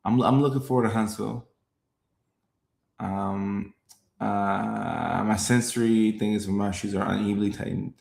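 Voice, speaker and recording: A man's voice: lowish voice, measured pace, gravelly, a little mellow, echoey room. A young man, a comedian, chatting casually on a live stream, reading comments and repeating his lines with a laid-back chuckle.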